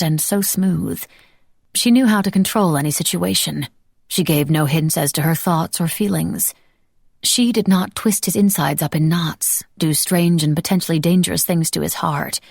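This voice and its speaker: Brief: audiobook narrator, woman, gravelly texture, dry close sound. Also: low voice, darkish tone, no echo.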